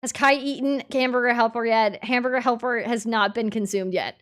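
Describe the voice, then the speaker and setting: Young woman streamer, slightly high voice, casual chat with sudden loud protests. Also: brisk, few pauses, smooth. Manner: animated, jumps from mumbling to loud indignant outbursts. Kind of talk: casual live-stream chat, reading chat aloud.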